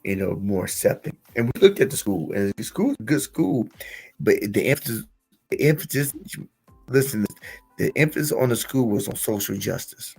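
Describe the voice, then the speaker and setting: A man hosting a casual talk, telling stories with lively acted-out quotes and laughing at his own jokes. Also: medium pitch, normal speed, vocal fry, husky, faint music behind. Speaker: podcast host. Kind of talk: casual conversational commentary.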